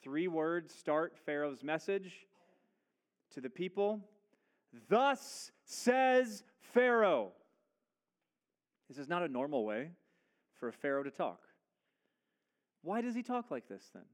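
A man's voice: a little high, big pitch swings, a little slow, pauses often. A man preaching a sermon, speaking emphatically and asking rhetorical questions as he builds his points.

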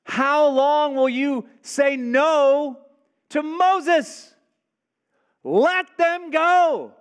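Preacher as anxious male servants: urgent plea, high and drawn out. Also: drawn-out words, full character voice. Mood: pleading.

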